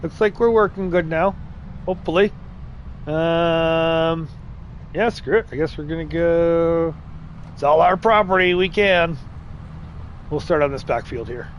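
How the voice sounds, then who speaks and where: A chatty man runs a live farming-game stream, greeting viewers and teasing his in-game workers with a laugh. His voice sits a little high for a man. A faint noise hums underneath the recording. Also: a little slow, long pauses. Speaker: livestream host. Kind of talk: casual live gameplay chat.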